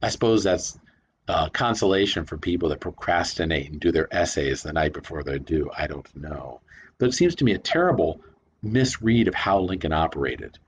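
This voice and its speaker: Animated low-voiced man, emphatic. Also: normal speed, a little hiss or hum. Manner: animated, emphatic, stresses single words. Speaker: commentator on rhetoric. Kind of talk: reflective spoken lecture.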